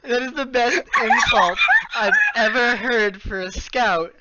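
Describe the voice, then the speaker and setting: A man's voice: very high-pitched, big pitch swings, unhurried, very noisy. A man hosting a casual online chat show, laughing often and steering the conversation. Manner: laughs often, leads the segment. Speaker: podcast host. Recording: dull lo-fi sound.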